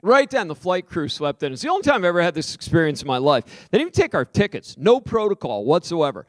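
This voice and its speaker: A man, a minister, preaching a sermon, telling a personal story with lively acted-out quotes and then softly leading a slow, prayerful invitation. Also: fairly high pitch, no room sound, clean studio sound. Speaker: pastor.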